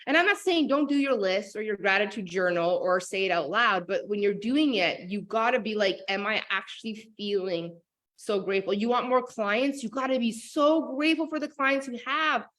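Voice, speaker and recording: Animated woman coaching on gratitude. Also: fairly high pitch, normal speed, few pauses. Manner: animated, lots of fillers like "like" and "oh my God". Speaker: business and manifestation coach. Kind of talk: casual motivational talk.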